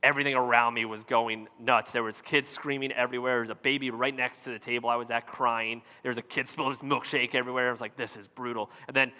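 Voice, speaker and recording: Bright, chatty pastor in a reverberant hall. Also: male voice, medium pitch, flat delivery, fast, few pauses. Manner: conversational and self-mocking, acting out his kids' voices. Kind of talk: storytelling sermon.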